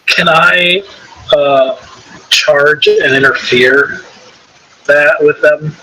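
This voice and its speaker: A man's voice: fairly high pitch, very slow, pushed and bright, poor audio. A man playing a tabletop game who asks eager, hesitant questions. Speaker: player. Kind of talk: casual tabletop play.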